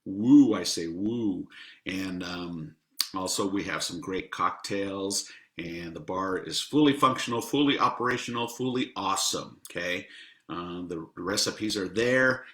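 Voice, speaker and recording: Chatty, jokey man with a bright voice. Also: low-pitched, a little slow, reverberant. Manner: chatty and jokey, laughs often at his own puns. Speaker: restaurant owner promoting the menu. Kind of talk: casual chat.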